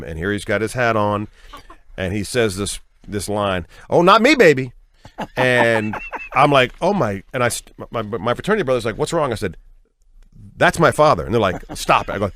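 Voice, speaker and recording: A middle-aged man telling a personal story as an interview guest, lively and acting out the voices he quotes. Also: slight background noise. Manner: lively, acts out quoted voices with big pitch jumps.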